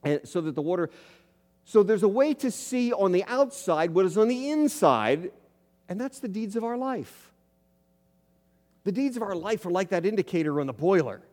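A man preaches an earnest sermon in a church, reading scripture and asking the congregation questions. His voice sits a little higher than most men's. A long reverb trails each phrase through the sanctuary. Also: big pitch swings, moderate pace, a little mellow. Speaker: pastor.

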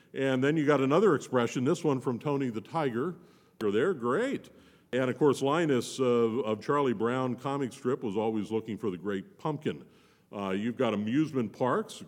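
A man's voice: mid-range voice, a little mellow. A man giving a sermon as a visiting preacher, in a folksy, joking, conversational way. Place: church. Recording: long church reverb.

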